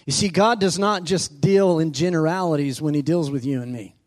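A pastor preaching a sermon in a church who calls out for amens and asks the congregation questions. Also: male voice, on the high side, a little fast. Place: church sanctuary.

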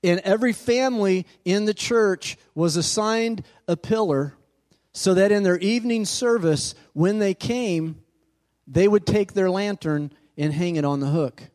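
A pastor preaching a sermon in a church who calls out for amens and asks the congregation questions. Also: male voice, sits high, darkish tone. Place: church sanctuary.

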